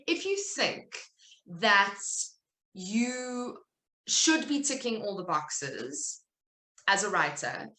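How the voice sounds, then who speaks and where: A woman with a South African accent speaks earnestly and conversationally to an online audience, often restarting her sentences. Her voice sits low but sounds bright and forceful. She is heard on a video call from an echoey room. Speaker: speaker at a virtual event. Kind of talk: personal talk to an online audience.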